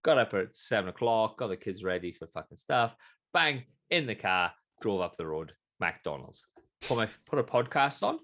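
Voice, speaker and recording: A man's voice: lowish voice, moderate pace. A man in his thirties from Britain, cohosting a casual podcast and telling stories with lots of swearing, on a desk microphone. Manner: animated, swearing storyteller. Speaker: podcast host. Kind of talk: casual chat. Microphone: desk USB microphone.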